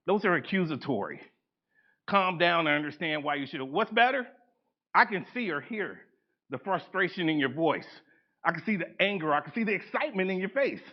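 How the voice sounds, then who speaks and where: A man presenting a live workshop to an audience in a conference room. He is animated, acts out the people he quotes, and laughs often. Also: sits high. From United States. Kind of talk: live seminar lecture. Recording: dull lo-fi event recording.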